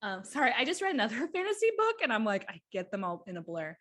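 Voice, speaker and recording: A woman co-hosting a podcast, chatting about a book in an excited, rambling way with quick bursts. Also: on the high side. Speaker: podcast co-host. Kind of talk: casual book chat.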